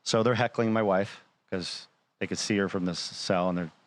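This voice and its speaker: Low-pitched man, casual storyteller, acts out the dialogue, talk-show guest. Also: moderate pace. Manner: animated, quotes others in dialogue.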